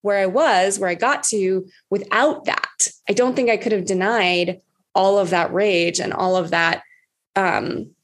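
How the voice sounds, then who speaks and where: A woman coach talking openly in a relaxed conversation. She is frank and swears freely, and she acts out the things she once said to herself. Her voice sits at an ordinary middle pitch. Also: measured pace. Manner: candid, swears freely, acts out her own past words. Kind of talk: casual conversation.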